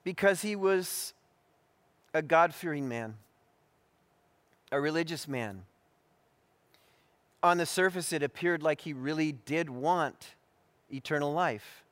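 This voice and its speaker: A man preaching an expository sermon, measured and deliberate, with frequent restarts and fillers. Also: on the high side, fairly bright tone, in a large hall.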